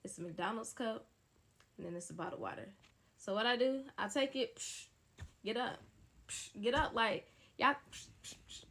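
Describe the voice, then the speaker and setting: Young woman w/ aave spilling a dramatic story, kinda gravelly voice, faint noise behind. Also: fairly high pitch, normal speed, pauses often. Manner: animated, dramatic, addresses listeners as y'all. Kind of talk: casual storytime.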